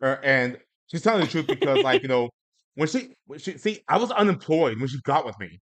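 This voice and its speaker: Stream talk host: man with a mid-pitched voice, halting delivery, frequent fillers. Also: big pitch swings. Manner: hesitant, many fillers and restarts, chuckling. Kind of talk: casual chat on a live stream.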